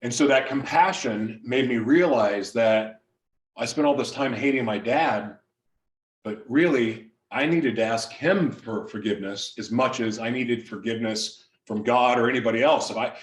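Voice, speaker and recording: A man's voice: medium pitch, moderate pace. A man, a podcast guest, giving a frank, confessional personal testimony in blunt everyday language. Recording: roomy sound, distant from the mic.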